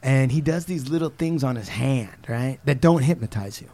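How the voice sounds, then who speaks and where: A man co-hosting a podcast, casually retelling a true-crime story, animated and swearing freely as he acts out quotes. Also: medium pitch, moderate pace. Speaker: podcast co-host.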